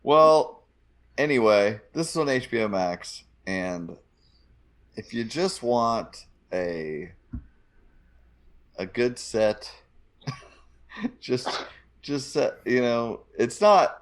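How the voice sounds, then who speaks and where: A man's voice: medium pitch, expressive, drawn-out words, long pauses. A man co-hosting a pop culture podcast, chatting casually with wry, dry humor. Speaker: podcast co-host. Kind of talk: casual chat.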